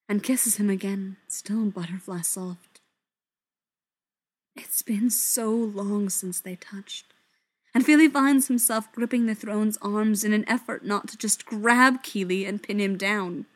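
A woman narrating a story in a soft voice that often drops to a whisper. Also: medium pitch. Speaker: story reader.

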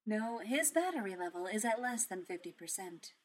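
A woman voicing a polite male AI butler, quiet, formal and composed. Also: mid-range voice, lively intonation, normal speed, close to an everyday voice. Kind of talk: audiobook character reading.

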